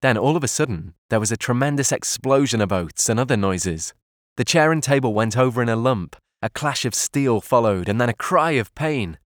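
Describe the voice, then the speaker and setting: A man narrating an audiobook in a calm, measured reading voice. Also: medium pitch, dry recording, studio quality.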